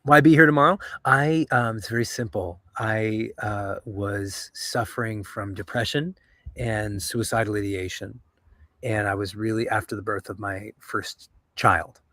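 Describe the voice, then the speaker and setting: A man's voice: lowish voice, steady tone, a little slow, fairly bright tone, no room sound. A middle-aged man speaking openly and reflectively as an interview guest. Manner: open, reflective. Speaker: podcast host guest. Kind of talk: candid conversation.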